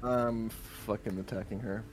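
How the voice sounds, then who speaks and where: A man's voice: on the low side, steady tone, a little slow, slight background noise. A man playing a ship captain in a tabletop game, often stammering and restarting his words. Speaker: player voicing a ship captain. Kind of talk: tabletop role-play.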